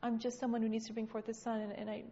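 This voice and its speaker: A woman's voice: on the high side, monotone, rapid-fire, mellow, a little hiss or hum. A woman sharing with her church congregation, talking fervently, repeating phrases and stammering. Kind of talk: impassioned spontaneous exhortation. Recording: dull, echoey hall recording.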